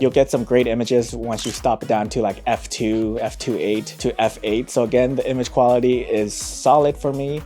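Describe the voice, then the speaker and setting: A man giving a casual, upbeat vlog review of a camera lens, talking in an excitable, slangy way. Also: medium pitch.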